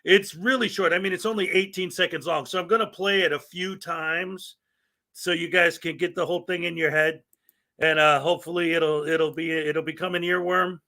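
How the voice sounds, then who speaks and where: Upbeat high-voiced male streamer. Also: vocal fry, bright, forceful tone. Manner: rambling, upbeat, reads out chat names. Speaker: livestream host. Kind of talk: casual livestream chat greeting viewers.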